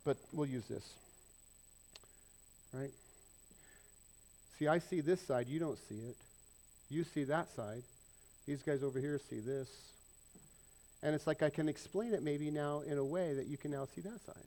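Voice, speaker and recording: A man's voice: on the high side, measured pace, long pauses, dark tone. A middle-aged man preaching a casual, conversational sermon in a church, with self-deprecating asides. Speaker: pastor. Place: church sanctuary.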